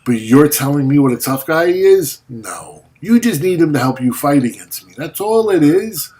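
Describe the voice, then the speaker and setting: A man with a voice a touch higher than the average man's delivers an angry monologue to camera. He jabs at his target with mockery and frequent swearing. He sounds like he has only just woken up. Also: big pitch swings, moderate pace, dark tone. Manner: confrontational, profane, mocking. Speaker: vlogger. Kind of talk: ranting video monologue.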